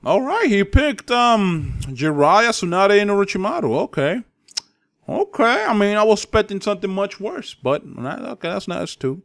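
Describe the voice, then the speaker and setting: A man's voice: high-pitched, big pitch swings, normal speed, creaky, fairly bright tone. A young man with a Spanish accent giving loose, profane, trash-talking commentary while he plays a fighting game online. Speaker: gaming channel host. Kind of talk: live gameplay commentary.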